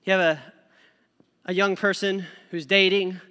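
A man's voice: high voice, fairly even intonation, a little slow, bright, forceful tone, smooth, in a large hall. A man preaching a sermon in a conversational way, checking in with "okay?". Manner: conversational, acts out voices, frequent "okay?".

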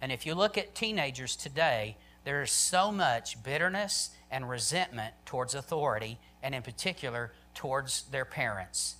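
A man's voice: medium pitch, animated, moderate pace, few pauses, bright, forceful tone. A man preaching a sermon on parenting, emphatic, often saying "listen" and "I'm telling you".

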